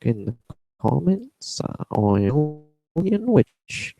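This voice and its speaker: A man's voice: on the high side, very animated, takes it slowly, gravelly, voice pushed up, heavily acted. A man mocking a smug anime critic. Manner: mock-arrogant, sneering.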